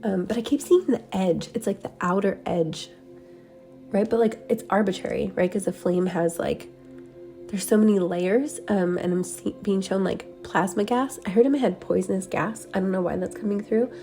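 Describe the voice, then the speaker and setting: A woman's voice: medium pitch, normal speed, warm tone, soft background music. A woman giving a meditative spiritual transmission, talking in a dreamy, meandering way full of "like" and "um". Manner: dreamy, meandering, many "like" and "um" fillers. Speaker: spiritual channeler. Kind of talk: meditative energy transmission talk.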